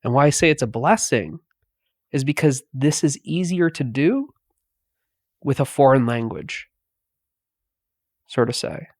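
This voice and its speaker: A man giving a meditative spiritual talk, speaking softly with long pauses between phrases. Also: medium pitch, dry recording, clean studio sound. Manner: slow, pausing, softly spoken. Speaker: spiritual teacher.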